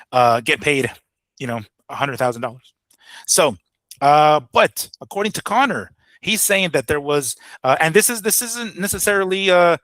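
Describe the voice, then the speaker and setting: A man's voice: a little high, bright, forceful tone, no room sound. A man co-hosting a fight news show, talking casually with lots of fillers, restarts and swearing. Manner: rambling, many fillers and restarts. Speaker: boxing show co-host. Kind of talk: casual profane news chat.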